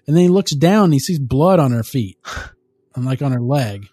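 A man casually recapping a movie on a podcast, animated and profane, often laughing through the story. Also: medium pitch, normal speed, dry recording, clean studio sound, soft background music. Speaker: podcast co-host.

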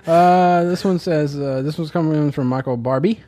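A man's voice: on the high side, normal speed, warm tone, soft background music. A man co-hosting a casual podcast, reading listener emails and telling a rambling story full of fillers. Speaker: podcast host.

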